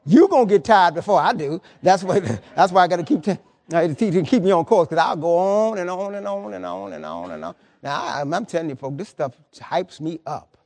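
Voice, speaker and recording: A man's voice: high voice, fairly quick, vocal fry, hardly any pauses, a little mellow. A man preaching a sermon as pastor, emphatic and colloquial, repeating words and pressing his points to the congregation. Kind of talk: lively sermon.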